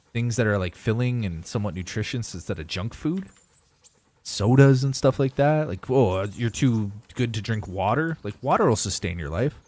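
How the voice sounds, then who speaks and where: Low-voiced joking game streamer man. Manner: joking, rambling, profane banter with chat. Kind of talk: casual gaming livestream chat.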